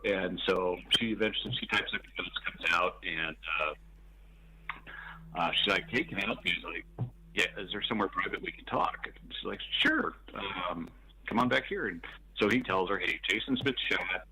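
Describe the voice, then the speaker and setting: A police officer guest on a radio talk show, telling his story matter-of-factly with dark humor. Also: sits low, normal speed, a little hiss or hum, rough recording.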